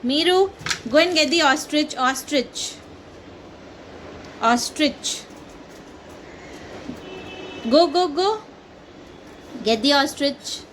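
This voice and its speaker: Young indian woman, indian english accent, high voice, coaxing mother, slow sing-song baby talk, faint room hum. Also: rough recording. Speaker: mother teaching her toddler.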